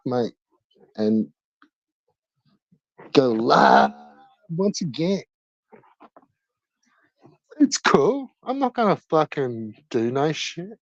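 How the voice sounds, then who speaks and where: Aussie bloke on a livestream, swears nonstop, drawls slow, dull dry lo-fi mic. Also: male voice, mid-range voice, no echo. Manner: crude, swears constantly, laid-back slangy banter. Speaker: livestream host. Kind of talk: casual livestream chat.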